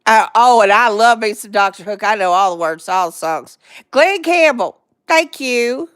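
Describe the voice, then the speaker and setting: A woman's voice: on the high side, animated, normal speed, a bit bright, clear, resonant tone, no echo, studio quality. A middle-aged woman hosting a casual livestream chat, rambling along, chatting to viewers and laughing often. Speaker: livestream host.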